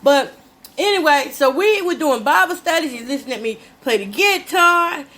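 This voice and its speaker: Chatty older woman, high voice. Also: lively intonation, normal speed, a bit bright. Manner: chatty, emphatic, addresses listeners as y'all. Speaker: show host. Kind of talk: casual storytelling vlog. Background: talks while cooking.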